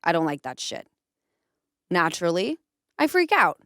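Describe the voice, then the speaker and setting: A woman in her thirties hosts a casual podcast, telling a story and putting on other people's voices as she goes. Her voice is smooth and clear, at a middle pitch, and it sits close in a dry room. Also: normal speed, no room sound. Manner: animated storytelling, acts out quotes. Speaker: podcast host.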